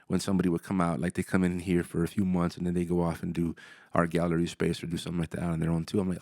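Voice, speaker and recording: A man hosting a casual podcast interview, talking in a rambling, halting way with many restarts. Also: low-pitched, flat delivery, creaky, no room sound, studio quality. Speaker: podcast host.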